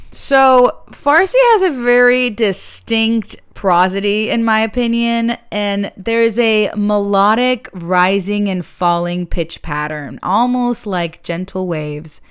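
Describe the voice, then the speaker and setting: A woman giving a calm, measured lesson as an accent coach, explaining sounds step by step. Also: medium pitch, clean tone.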